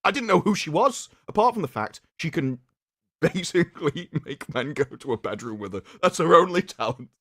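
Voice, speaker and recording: A man's voice: a little high, lively intonation, moderate pace, a bit bright, dry recording, clean studio sound. A man co-hosting a casual livestream chat, rambling and laughing often. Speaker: co-host.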